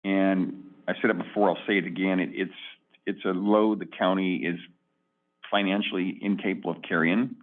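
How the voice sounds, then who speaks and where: A man on a county board giving a plainspoken, halting comment. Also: deep voice, fairly even intonation. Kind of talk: board discussion. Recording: phone-like lo-fi meeting audio.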